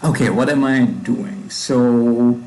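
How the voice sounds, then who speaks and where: A man's voice: medium pitch, slow pace, mellow, rough recording. A man with a German accent, casually thinking aloud while coding on a livestream, with hard consonants. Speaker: livestreaming programmer.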